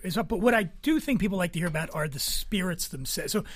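A man co-hosting a podcast, eagerly pitching ideas in casual chat. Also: expressive, fast, a bit bright, a little hiss or hum. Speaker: podcast co-host.

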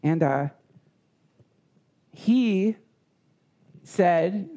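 A man telling a heartfelt personal story as a guest, rambling and halting, with frequent restarts. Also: high-pitched, vocal fry, a little mellow. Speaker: podcast guest. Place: live retreat session.

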